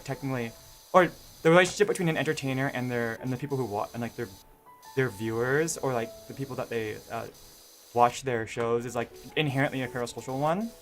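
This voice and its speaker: A young man talks casually to his live-stream audience, hesitating and restarting his sentences often. His voice sits at an ordinary middle pitch. Faint music plays underneath. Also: fairly bright tone. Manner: rambling, hesitant, many fillers and restarts.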